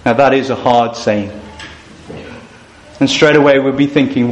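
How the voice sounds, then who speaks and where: A man's voice: medium pitch, measured pace. A man preaching a sermon at a family camp, earnest and storytelling, using rhetorical questions. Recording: echoey room, faint noise.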